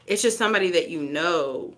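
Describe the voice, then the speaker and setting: A woman's voice: lowish voice, animated, brisk. A woman reading tarot live, chatty and teasing, often laughing between cards. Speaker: tarot reader.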